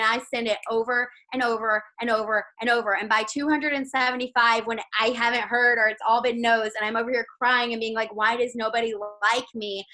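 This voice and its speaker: A woman's voice: a little high, pushed and bright, low-quality recording. A woman giving a chatty motivational pep talk over a video call, full of "like" and "guys". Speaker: team leader giving sales tips.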